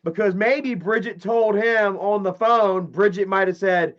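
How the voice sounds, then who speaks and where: A man's voice: sits high, a little slow, hardly any pauses. A man giving casual livestream commentary, profane and mocking, reading chat messages aloud. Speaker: live streamer. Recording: muffled lo-fi stream audio.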